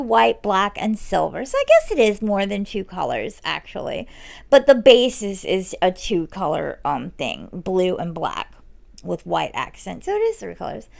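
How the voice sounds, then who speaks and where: Gravelly-voiced woman narrating a nail tutorial. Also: medium pitch. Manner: relaxed, self-correcting, chatty instruction. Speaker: nail artist. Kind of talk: step-by-step nail art tutorial voice-over.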